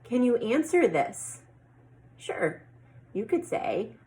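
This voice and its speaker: A woman teaching a first grade class, reading example sentences slowly and clearly. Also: on the high side, big pitch swings, dark tone, low-quality recording. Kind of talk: teaching a lesson to young children.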